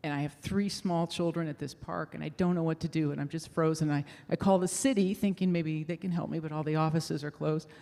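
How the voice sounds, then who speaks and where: A woman's voice: deep voice, steady tone, brisk, creaky, hardly any pauses, dark tone, big-room sound. A middle-aged woman telling a candid personal story on stage, self-deprecating, with laughing asides. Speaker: speaker at a fundraiser showcase. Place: theater stage.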